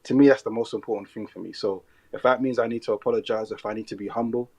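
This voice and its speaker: Fast-talking husky man, earnest. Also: lowish voice, steady tone, a little mellow. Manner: earnest, reflective, talks in short repeated phrases. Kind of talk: casual podcast chat.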